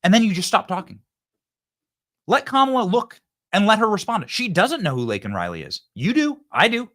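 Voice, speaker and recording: This thirty-something political commentary host speaks at normal speed in a high voice with big pitch swings. Emphatic and repetitive, he builds toward punchy lines and nearly shouts while playing out debate lines in his animated monologue.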